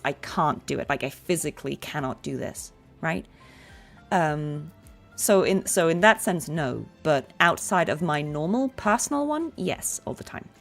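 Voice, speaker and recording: A voice actress chatting casually on a game stream and answering viewer questions. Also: female voice, low voice. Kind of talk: casual livestream chat.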